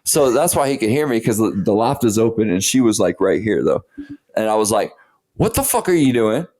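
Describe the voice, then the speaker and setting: A man's voice: fairly low pitch, a little fast. A man co-hosting a podcast, telling a story in casual, profane chat and acting out the lines he quotes. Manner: animated storyteller, swears a lot, acts out quotes. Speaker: podcast co-host.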